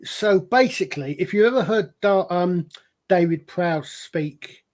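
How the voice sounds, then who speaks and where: Rambling man, fairly high voice. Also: lively intonation, unhurried, a little mellow. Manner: rambling, explanatory storyteller. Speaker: podcast co-host. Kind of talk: casual chat.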